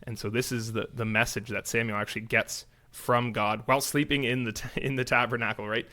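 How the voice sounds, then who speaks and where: A man with a bright, forceful voice co-hosts a church podcast. He retells scripture in a casual, lively way, full of little restarts and quick asides. His pitch sits in an ordinary middle range. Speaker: podcast co-host. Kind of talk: casual Bible discussion podcast.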